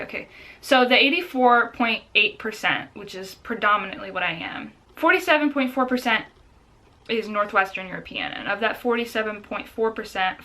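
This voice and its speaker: A young woman talks casually to her camera in a bright, clear voice. She is chatty and excitable, reacting aloud as she reads through results. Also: mid-range voice. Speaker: vlogger. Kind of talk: casual vlog, reading out test results.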